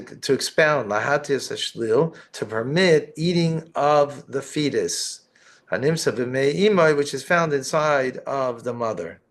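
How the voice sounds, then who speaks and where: A rabbi teaching Torah goes through the text line by line, reading each Hebrew phrase and then explaining it in English with asides and rhetorical questions. He speaks at a medium pitch with a slightly bright tone.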